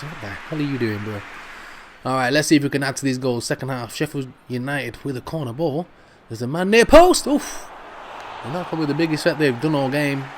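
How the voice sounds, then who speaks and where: A middle-aged man with a Jamaican accent, giving excitable, laughing commentary over a football video game. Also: medium pitch, a little hiss or hum. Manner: excitable, laughs often, drawn-out shouts over goals. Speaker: gaming commentator. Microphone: studio microphone.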